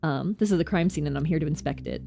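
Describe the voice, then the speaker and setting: A woman reading the lines of a blunt young male doctor in a brisk, matter-of-fact way, close to her own voice. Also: deep voice, vocal fry, mellow, a little hiss or hum.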